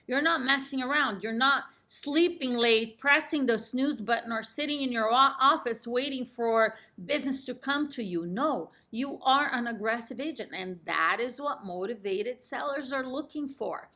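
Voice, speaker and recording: Woman, real estate coach, emphatic teaching talk, slow deliberate pace, bright forceful tone. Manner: emphatic, confident, drops pitch at sentence ends. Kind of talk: instructional talk to camera.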